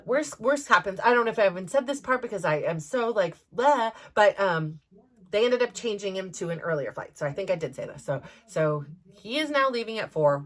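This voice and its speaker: Chatty middle-aged mom telling a story. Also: female voice, lowish voice. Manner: animated, rambling with many fillers and restarts. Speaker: mother and podcast host. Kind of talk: casual storytelling.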